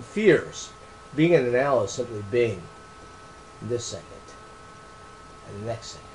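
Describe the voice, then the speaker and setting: In this low-quality recording with a little background noise, a medium-pitched man talks casually and without a script about his training book. He comes across as earnest and rambling, often restarting phrases and swinging between soft, trailing words and loud, emphatic bursts.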